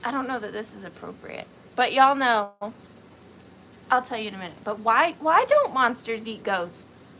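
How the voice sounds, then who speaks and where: A woman's voice: fairly high pitch, big pitch swings, moderate pace, fairly bright tone, slight background noise. A woman with a Southern US accent hosting a livestream, chatting sweetly with viewers and greeting them by name. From Georgia, US. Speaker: livestream host.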